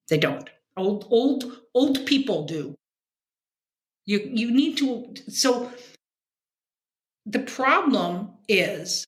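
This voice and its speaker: Woman in her sixties, blunt, emphatic, bright and forceful tone, roomy echo. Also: mid-range voice. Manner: blunt, emphatic, keeps asking "okay?". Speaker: guest, comics editor and journalist. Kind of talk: casual interview talk.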